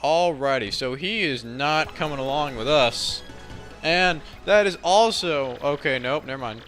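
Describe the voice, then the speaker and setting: Relaxed let's-play host, man; offhand and chatty, bright voice. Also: fairly high pitch, moderate pace, soft background music. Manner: laid-back, mumbling asides. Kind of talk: casual game commentary.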